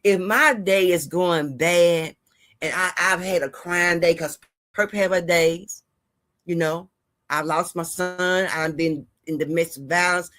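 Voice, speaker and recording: Woman host, low voice, casual chatty vlog monologue, preachy and heartfelt. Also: steady tone, unhurried, fairly bright tone. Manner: chatty, rambling, addresses viewers as y'all; heartfelt and preachy, giving life advice. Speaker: host of a gossip and news channel.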